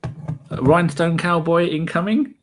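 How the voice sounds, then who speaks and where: A man's voice: on the high side, unhurried, over music. A man, co-hosting a casual podcast chat, joking and laughing often. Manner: jokey, laughs often, banters. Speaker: podcast co-host.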